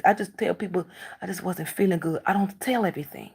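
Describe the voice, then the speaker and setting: Woman, middle-aged, low voice, gravelly, casual monologue, emphatic and repetitive. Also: brisk, darkish tone. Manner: emphatic, repeats herself, acts out quoted dialogue.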